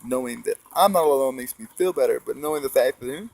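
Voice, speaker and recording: A man's voice: medium pitch, quick pace, creaky, darkish tone, slight background noise, rough recording. Rambling, profane man telling a personal story. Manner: meandering, profane, heavy on fillers and tag questions. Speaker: storyteller recounting spiritual experiences.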